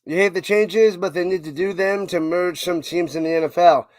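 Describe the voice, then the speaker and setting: New york guy doing a football watch party stream, high voice, dry close mic, hypes the plays and chats with viewers. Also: normal speed, no room sound. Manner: excitable calls, chatty asides to viewers. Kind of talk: live stream play-by-play and chat reading.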